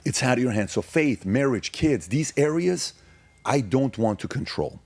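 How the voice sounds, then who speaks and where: A man's voice: mid-range voice, animated, moderate pace, darkish tone, no echo. A middle-aged man giving his testimony as a podcast guest, speaking emphatically and telling stories, repeating phrases to drive points home.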